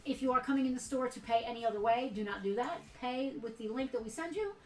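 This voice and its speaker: A woman's voice: a little high, fast talker, a little mellow, recorded from a distance. A woman co-hosting a live sale stream in a casual, rambling way, with many fillers. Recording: roomy, from off the mic.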